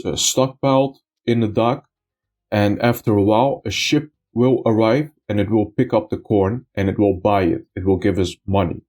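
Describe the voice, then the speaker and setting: A man's voice: on the low side, darkish tone. A man giving gameplay commentary, explaining things step by step with frequent fillers. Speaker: let's play commentator.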